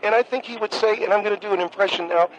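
A man puts on a fixated caller whose voice sits high above a normal man's register. He drones on in a monotone, looping the same phrase in a comedic radio call-in sketch, over a faint hum of background noise. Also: rapid-fire, dull audio, lightly acted. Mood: droning. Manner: monotone, endlessly repeating the same catchphrase. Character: awkward obsessive male caller who compulsively repeats his name.

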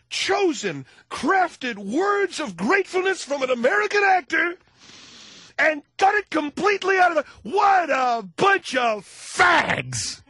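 A man playing a loud, bigoted male talk radio commentator who shouts and blusters at callers. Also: very high-pitched, slightly rough, no echo, full character voice. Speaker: radio show host. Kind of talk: comedic talk radio character.

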